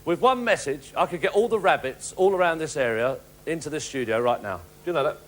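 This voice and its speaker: High-voiced chatty man hosting a game show. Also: expressive, fairly quick. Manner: chatty, teasing, upbeat. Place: TV studio with live audience. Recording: 1980s TV studio with loud audience and noise.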